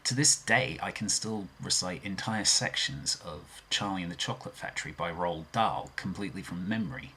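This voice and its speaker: A man's voice: low-pitched, moderate pace, few pauses, bright, forceful tone, a little hiss or hum. A man in his twenties with a Birmingham accent, rambling in a self-deprecating way in a casual vlog. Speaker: vlogger.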